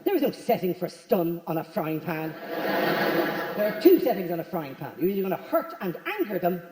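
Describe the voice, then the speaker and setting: A man with a high-pitched voice rattles through a stand-up routine, telling stories with lively energy. His voice rings out on a big theatre stage. The sound is roomy, with a long hall reverb trailing each line. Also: far from the mic. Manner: rapid, animated storytelling with acted-out asides. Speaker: stand-up comedian.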